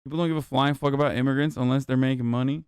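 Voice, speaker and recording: A man's voice: mid-range voice, fairly even intonation, very fast, darkish tone, clean tone, no room sound, studio quality. A man doing livestream political commentary, heated and profane, rambling through restarts as he reacts to chat. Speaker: political streamer.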